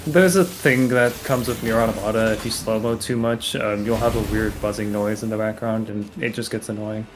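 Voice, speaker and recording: A man explaining a speedrun route as he plays, in a halting, loose live-stream commentary style. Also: lowish voice, steady tone, background noise. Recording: game music playing behind the voice.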